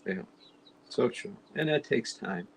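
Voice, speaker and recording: A man's voice: medium pitch, expressive, measured pace, gravelly, slight background noise, low-quality recording. A man hosting a casual conversation, supportive and emphatic, often repeating his points. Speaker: host.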